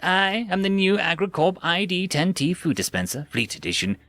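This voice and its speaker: A man's voice: high voice, sing-song, moderate pace, fairly bright tone, dry recording, faint music behind, heavily acted. A man playing a prim, smug food-dispenser machine. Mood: formal. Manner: prim, overly polite, scripted customer-service tone.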